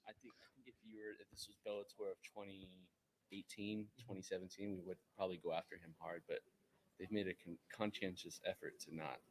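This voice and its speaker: A man from the promotion's press team making quiet offhand remarks, heard from a distance. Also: deep voice, level tone, fast. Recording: voice from off the mic.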